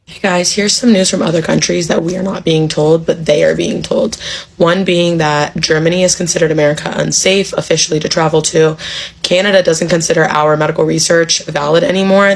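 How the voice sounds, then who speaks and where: A woman's voice: sits low, creaky, low-quality recording. A woman talking casually to her followers, hesitant and stopping often to say um. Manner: flat, hesitant with many ums. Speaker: social media commenter. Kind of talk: casual vlog.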